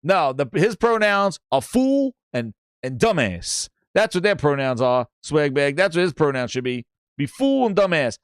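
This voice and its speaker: A man's voice: a little high, sing-song, moderate pace, clear, resonant tone, no room sound, clean studio sound. A man hosting a gaming news show, rambling and mocking in casual chat, with many restarts. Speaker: gaming podcast host.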